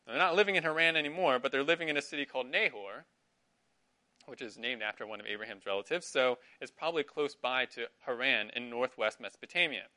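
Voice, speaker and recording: Questioning his students and affirming their answers, a middle-aged man leads an interactive Sunday school Bible class. His voice is medium in pitch, pushed and bright, and he speaks fast.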